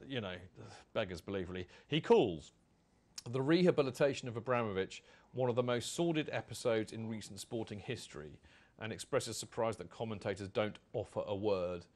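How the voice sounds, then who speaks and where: A man's voice: fairly low pitch, animated, brisk, darkish tone. A man hosting a casual fan podcast, chatty and rambling, reading out quotes. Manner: rambling, chatty, does comic voices when quoting. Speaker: podcast host.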